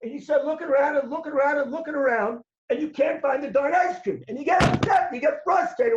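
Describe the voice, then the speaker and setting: A man giving a sermon as a rabbi, an animated storyteller who acts out the voices and shouts at the high points. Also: quick pace, hardly any pauses. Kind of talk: sermon with stories. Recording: roomy, dull lo-fi recording.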